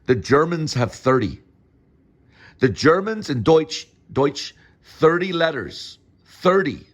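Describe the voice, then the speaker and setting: A man's voice: on the high side, sing-song, takes it slowly, dull audio. A man hosting a casual home video, lecturing and drilling the same words over and over. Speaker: show host.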